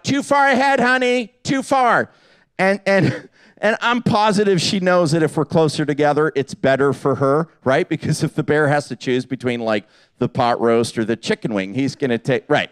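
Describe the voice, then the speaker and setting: A middle-aged man preaching to a live audience, telling jokey stories and acting out the people he quotes. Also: a little high. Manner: animated, jokey, acts out quotes with voices. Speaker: pastor. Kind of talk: humorous sermon storytelling.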